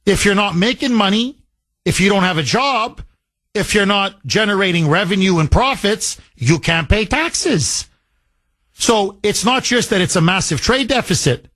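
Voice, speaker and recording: A man's voice: sits high, animated, measured pace, fairly bright tone, dry recording. A man from Canada hosting a talk radio show, speaking emphatically and repeating key phrases for punch. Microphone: studio microphone.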